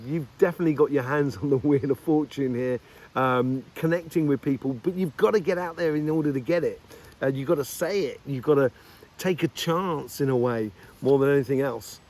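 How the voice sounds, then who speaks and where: A man's voice: fairly high pitch, darkish tone. A man giving a casual weekly tarot reading, upbeat and encouraging, rambling along with lots of fillers. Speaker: tarot reader.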